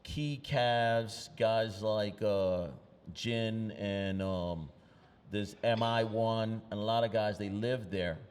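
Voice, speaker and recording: A middle-aged man talks in a low register. He tells loose, streetwise stories and acts out what people said. His voice carries a long reverb. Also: takes it slowly, clean tone. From New York. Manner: loose, streetwise storytelling with acted-out quotes. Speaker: panelist, graffiti artist. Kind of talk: anecdotal storytelling on a panel. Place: outdoor panel event. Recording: long reverb in a large space.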